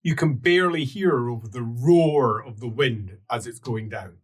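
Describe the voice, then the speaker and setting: A man narrating a tabletop role-playing game as game master, in an animated way with laughs and sound effects. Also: medium pitch, moderate pace, breathy edge.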